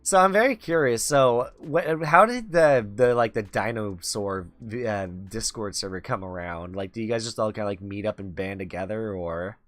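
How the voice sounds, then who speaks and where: A man's voice: on the low side, moderate pace, few pauses, fairly bright tone, dry recording. A man hosting a casual talk show, teasing his guest and laughing often. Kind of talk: casual chat. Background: faint background music.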